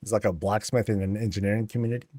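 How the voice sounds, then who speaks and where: A man's voice: on the low side, steady tone, rapid-fire, mellow, no echo, clean studio sound. A man streaming a game, chatting casually and rambling with many fillers as he tours homes.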